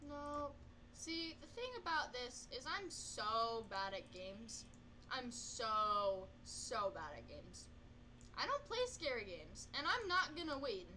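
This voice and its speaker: A woman's voice: fairly high pitch, sing-song, slow, pushed and bright, slight background noise. A woman gamer reacting live to a horror game, panicky and self-mocking, yelping and repeating no over and over and talking to the game's characters.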